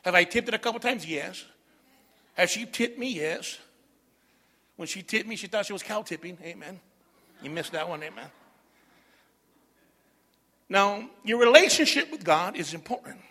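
A middle-aged man preaching a sermon, animated, with call-and-response asides to the congregation. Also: sits high, moderate pace, pauses often, in a large hall. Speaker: pastor.

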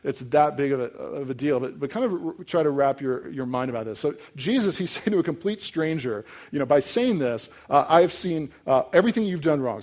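A man's voice: mid-range voice, darkish tone. A young adult man preaching a sermon in a conversational, storytelling way with touches of humor. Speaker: pastor.

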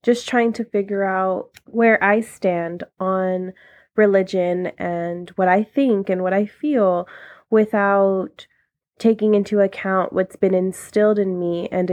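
A woman's voice: medium pitch, darkish tone. Chatty woman turning thirty. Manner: candid and chatty, laughs often. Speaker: podcast host. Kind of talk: casual solo podcast talk.

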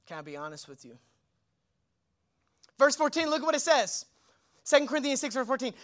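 A young man preaching a sermon as pastor, energetic and colloquial, with slang and rhetorical questions. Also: extremely high pitch, fairly quick.

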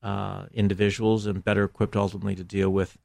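Gravelly, measured middle-aged man. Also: lowish voice, flat delivery, darkish tone, no room sound, clean studio sound. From United States. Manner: measured, hesitant, many fillers. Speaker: filmmaker guest. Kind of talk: reflective interview talk.

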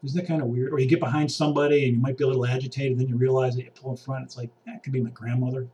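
A man's voice: medium pitch, little pitch movement, racing, warm tone, distant mic. A man ranting casually outdoors, sarcastic, acting out impatient people. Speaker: vlogger. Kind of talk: casual rambling monologue. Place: outdoors by water.

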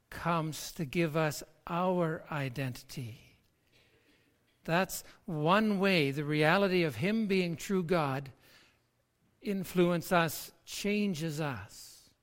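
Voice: mid-range voice, in a large hall. A pastor preaching a sermon, emphatic and often repeating words while building a point. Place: church.

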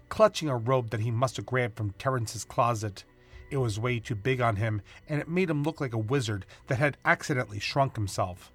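A man narrating a story aloud with a steady, expressive reading and doing the characters' voices. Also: mid-range voice, normal speed, slightly rough, soft background music.

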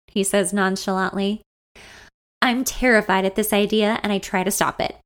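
A woman's voice: mid-range voice, steady tone, moderate pace. Woman narrating her own story, self-mocking and dramatic. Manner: self-deprecating, dramatic swings from hushed to loud. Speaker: podcast host. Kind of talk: first-person storytelling narration.

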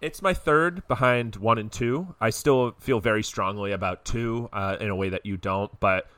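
A man's voice: lowish voice, normal speed, a bit bright, no room sound. A man co-hosting a podcast, chatting casually and hedging with fillers. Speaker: podcast co-host. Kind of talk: casual chat.

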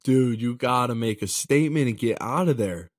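A man's voice: mid-range voice, expressive, normal speed, no echo. Laid-back young man on a dry mic. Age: 20s. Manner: laid-back, swears casually, says dude a lot. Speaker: podcast co-host. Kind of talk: casual chat.

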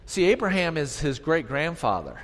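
A preacher with a fairly high voice tells the story in an animated, conversational way, often slipping into the voices of the people he describes. His voice carries a long reverb from a large hall. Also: moderate pace. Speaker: pastor. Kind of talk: sermon storytelling.

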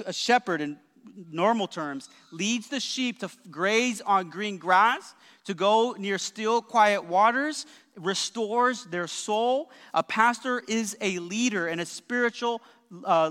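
A man's voice: sits high, bright, forceful tone. A middle-aged man, a pastor, preaching emphatically and calling on his congregation to respond. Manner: emphatic preaching with frequent "all right?" and call-and-response. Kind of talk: sermon. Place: large church hall. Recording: reverberant church hall.

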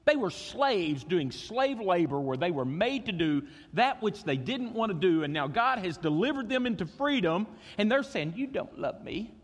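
A man's voice: sits high, sing-song, normal speed, few pauses. A man preaching a sermon, acting out voices and repeating words as he goes. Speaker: pastor. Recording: long reverb of a church hall.

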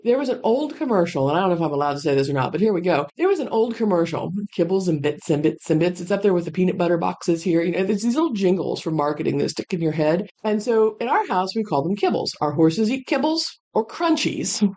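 A middle-aged woman who runs a dog kennel, telling rambling stories in a chatty, casual way with lively asides. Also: fairly low pitch, fast talker. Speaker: kennel owner. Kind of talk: casual storytelling monologue.

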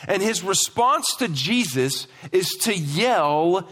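A man's voice: high-pitched, lively intonation, slow, fairly bright tone. A man preaching a sermon as pastor, emphatic and asking the congregation questions, in a church hall. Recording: long hall reverb.

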